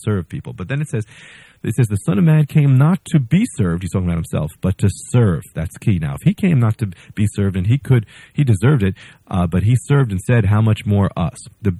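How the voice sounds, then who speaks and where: A man's voice: deep voice, mellow, breathy edge, dry recording. A man preaching a sermon in a conversational way, often restarting his sentences and acting out voices as he tells a story.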